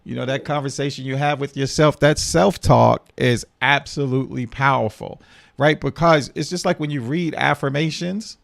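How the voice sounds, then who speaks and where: A man's voice: mid-range voice, normal speed, gravelly. A man hosting an online panel discussion, hyping his guests with motivational call-and-response energy. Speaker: host.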